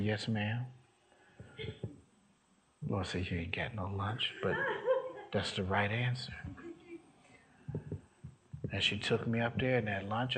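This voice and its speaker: In a lowish voice over slight background noise, a man gives a sermon testimony, telling a story from his own life. He acts out the voices of the people involved, sometimes rising to shouts.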